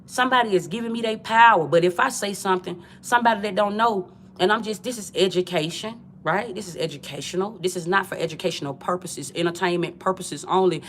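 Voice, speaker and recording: A woman's voice: medium pitch, fast, fairly bright tone, a little hiss or hum. A woman from Georgia, delivering a preachy, repetitive livestream monologue in profane street talk, calling her viewers family. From Georgia, USA.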